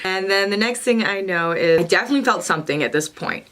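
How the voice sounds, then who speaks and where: A woman's voice: mid-range voice, lively intonation, fast, a bit bright. Young woman chatting emotionally to camera. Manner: chatty and emotional, many fillers and restarts. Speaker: vlogger and new mother. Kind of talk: casual personal storytelling.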